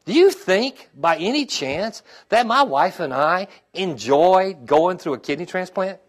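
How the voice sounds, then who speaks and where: Middle-aged pastor guy preaching, high voice, keeps asking the church "okay?" and "amen?". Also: lively intonation, measured pace. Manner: turns quiet and heartfelt when sharing his own trials. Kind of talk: sermon.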